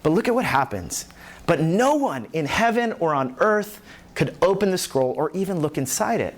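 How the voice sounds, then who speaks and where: A man preaching a sermon as pastor, animated, acting out the voices in the scripture he tells. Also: a little high, normal speed. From New York.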